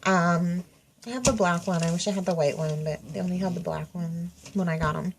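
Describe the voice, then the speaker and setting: A woman's voice: on the low side, fairly even intonation, brisk, gravelly, slight background noise. A woman, stuffy-nosed, rambling through a casual tag video at home with lots of fillers and self-corrections. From Minnesota. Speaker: craft vlogger. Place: home craft room.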